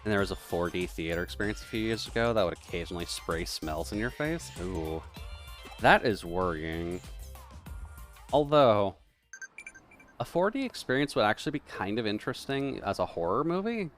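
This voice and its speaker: Male streamer, very deep voice, casual rambling chat, faint music behind. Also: big pitch swings, moderate pace, fairly bright tone. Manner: rambling, joking, laughs often. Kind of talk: casual live-stream chat while gaming.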